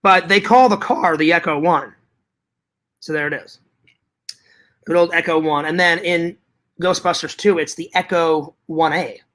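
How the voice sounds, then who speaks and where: A man's voice: a little high, a little slow, pauses often, pushed and bright. A man hosting a casual livestream chat, reading viewer comments aloud and rambling, repeating himself and swearing freely.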